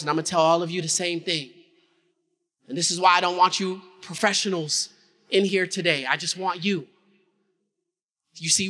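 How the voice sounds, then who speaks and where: A man delivers a motivational keynote at a conference with a very high, bright, forceful voice. He tells his story with animation, acting out scenes and throwing questions back at the audience. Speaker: keynote speaker. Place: conference hall before an audience.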